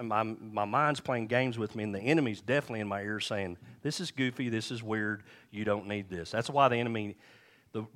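A middle-aged male pastor preaching a sermon and telling stories, acting out quotes with shifting pitch and volume. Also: fairly bright tone.

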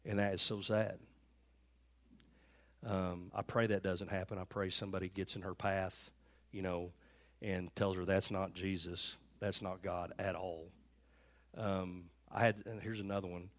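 A man preaching a sermon as pastor, telling stories earnestly and restarting his phrases often. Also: sits low. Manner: earnest storytelling with frequent restarts. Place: church sanctuary.

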